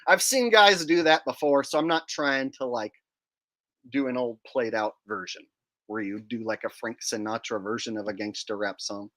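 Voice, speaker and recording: A man's voice: medium pitch, moderate pace, sharp tone. A male comedian chatting casually to online viewers, rambling and laughing at his own jokes.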